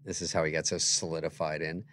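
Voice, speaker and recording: A man's voice: rumbling low, little pitch movement, fast talker, fairly bright tone. A man guesting on a talk show, telling wry, mocking stories and acting out both sides of the conversations. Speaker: comedian guest. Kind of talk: casual anecdote telling.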